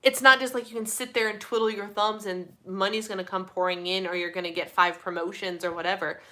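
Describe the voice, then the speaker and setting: A young woman chatting casually on a live stream, reading viewer comments, animated and full of fillers like "like". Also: mid-range voice, a little fast. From Midwestern United States. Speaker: host of a live community chat.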